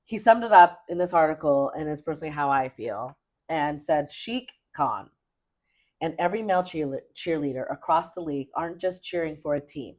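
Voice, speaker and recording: A middle-aged woman co-hosting a casual sports podcast, chatty and emphatic, rambling with quick restarts. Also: deep voice. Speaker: podcast co-host.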